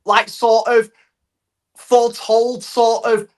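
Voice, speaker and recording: A woman, chatting casually on a livestream in an unhurried, hedging way that circles back on itself. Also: fairly high pitch, little pitch movement, a little mellow.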